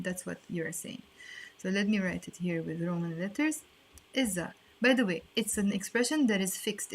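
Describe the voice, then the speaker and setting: A woman's voice: mid-range voice, breathy edge. A woman teaching a language lesson online, explaining in a playful, chatty way with asides.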